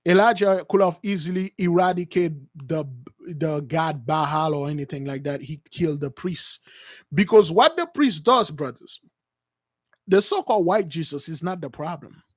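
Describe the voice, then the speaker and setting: A man's voice: on the high side, moderate pace, no echo, clean studio sound. A man preaching with passion, acting out quoted voices, with many fillers and restarts. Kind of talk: impassioned religious teaching.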